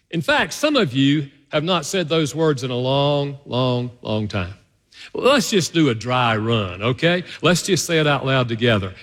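A man preaching a sermon to his congregation, swinging between loud and hushed delivery. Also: mid-range voice, sing-song, a little slow, big-room sound. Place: church sanctuary.

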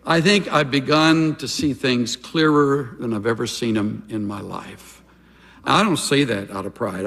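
An older man preaching a sermon, emphatic and swinging from loud exhortation to hushed asides. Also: medium pitch, gravelly, big-room sound. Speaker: pastor.

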